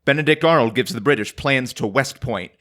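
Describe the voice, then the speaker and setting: A man putting on a booming ghost announcer. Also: brisk, fairly bright tone, lightly acted. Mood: solemn. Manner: grand announcer delivery. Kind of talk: comedy podcast bit.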